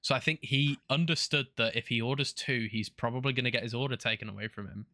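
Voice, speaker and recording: Male streamer, blunt and profane, bright voice, dead-dry mic. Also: medium pitch, steady tone, fast, dry recording. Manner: cursing, exasperated, repeats himself. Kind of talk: casual stream chat.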